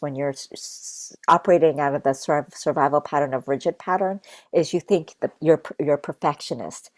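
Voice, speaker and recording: A woman's voice: on the low side, a little mellow, no room sound. A young adult woman teaching earnestly in a casual conversational way, repeating key phrases like a mantra and leading a short guided meditation. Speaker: guest spiritual teacher.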